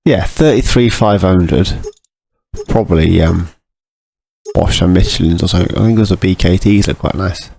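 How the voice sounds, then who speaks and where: A man giving casual, rambling commentary over a farming game, often clearing his throat. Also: low voice, moderate pace, a little mellow. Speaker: gameplay commentator.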